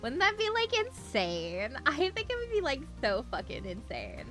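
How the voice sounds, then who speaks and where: Bubbly high-voiced woman in Valley Girl mode. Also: normal speed, soft background music. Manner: exaggerated Valley Girl voice, many "like"s; lively and playful, swears often. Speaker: streamer. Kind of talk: casual livestream chat.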